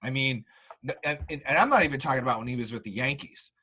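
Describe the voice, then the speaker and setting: A man's voice: mid-range voice, fast, breathy edge, poor audio. A man hosting a casual sports podcast, telling rambling stories full of fillers. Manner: rambling, animated storytelling with many fillers. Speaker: podcast host.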